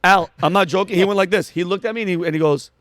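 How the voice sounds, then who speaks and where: A man, a comedian telling a story fast and excitedly in a podcast chat, acting out quotes. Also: sits high, no room sound, clean studio sound. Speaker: comedian guest. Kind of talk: animated storytelling in conversation.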